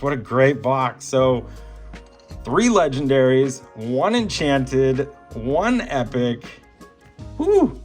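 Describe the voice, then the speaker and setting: A man hosting a card-opening vlog, calling out each card and gushing when a big pull appears. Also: mid-range voice. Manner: gushing, animated, breaks into laughter and shouts at big pulls. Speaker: card-opening channel host. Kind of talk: excited pack-opening vlog.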